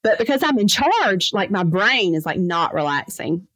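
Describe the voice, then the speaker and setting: A woman lawyer telling lively anecdotes in a casual interview, acting out the voices of the people in her stories. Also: mid-range voice, dry recording, low-quality recording. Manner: animated, fast anecdotes with lively quoted voices. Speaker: trucking lawyer, podcast guest.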